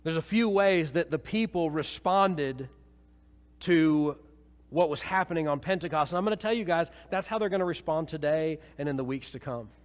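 A man preaching a sermon as pastor, swinging from emphatic peaks to quiet low passages. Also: normal speed. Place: church sanctuary. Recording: long reverb of a church hall.

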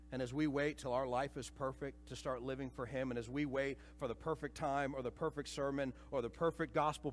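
A man preaching a sermon to a church congregation, dramatic, swinging between hushed and loud passages and acting out voices. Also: medium pitch, slight background noise. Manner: acts out quoted voices. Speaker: pastor. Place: church sanctuary. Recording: reverberant church hall.

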